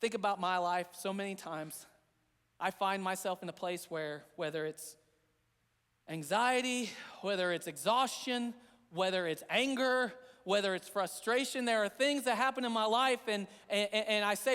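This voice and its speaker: A man's voice: high-pitched, normal speed, a bit bright, clean tone, big-room sound. A man preaching a sermon as a pastor, earnest and repetitive in a conversational way. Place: church sanctuary.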